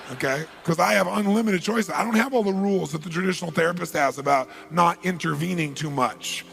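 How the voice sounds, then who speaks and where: A man giving a motivational talk, telling a story with animated, rising bursts. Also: high voice, brisk, gravelly, soft background music. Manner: animated, builds to loud bursts. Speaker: motivational speaker.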